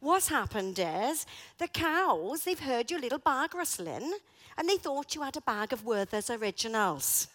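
A woman's voice: high voice, sing-song, unhurried, fairly bright tone, full character voice. A woman voicing a cheery older farmer's wife, chatty and sing-song. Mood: cheerfully knowing.

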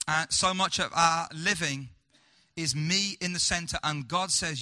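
With a slightly high voice, this preacher questions his listeners rhetorically, moving back and forth between urgent, loud delivery and hushed, slow speech.

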